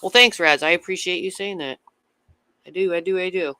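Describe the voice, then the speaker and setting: A man's voice: high voice, a little fast, bright, forceful tone, smooth, dry recording. A man chatting casually with viewers on his livestream, rambling from topic to topic and swearing freely.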